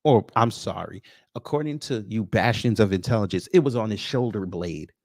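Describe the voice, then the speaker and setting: A man's voice: fairly low pitch, lively intonation, normal speed, darkish tone, no echo, studio quality. A man hosting a livestream, reading viewer names and commenting with a sarcastic, mocking edge. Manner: sarcastic, greets chat viewers by name. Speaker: livestream host.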